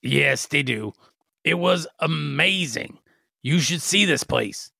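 A man playing a goblin in a tabletop game, speaking slowly and playfully. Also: on the high side, animated, creaky, sharp tone, no room sound, clean studio sound. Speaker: player.

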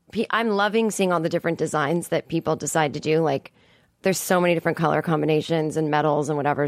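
A woman's voice: sits low, dry recording. A woman in her forties from the Boston area, ranting casually and profanely as a comedian hosting her own podcast from a studio. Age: 40s. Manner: profane, exasperated rant with frequent emphatic rises. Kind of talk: casual monologue. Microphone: studio mic.

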